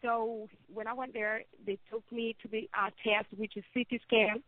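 A woman's voice: fairly high pitch, little pitch movement, dry recording. Hesitant woman on a tinny phone line. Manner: halting, repeats words and restarts often. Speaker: interview guest, cancer survivor. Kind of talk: personal story in an interview.

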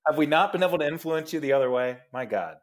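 A man's voice: a little high, animated, quick pace. A man hosting a sports podcast in casual chat, often laughing and stumbling over his words. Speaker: podcast host. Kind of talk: casual chat, reading listener letters.

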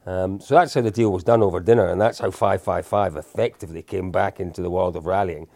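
A man's voice: low-pitched, fast, creaky, darkish tone, dry recording. A man in his fifties, a guest telling casual stories in a chatty, self-deprecating way with lots of restarts. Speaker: interview guest. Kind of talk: casual storytelling.

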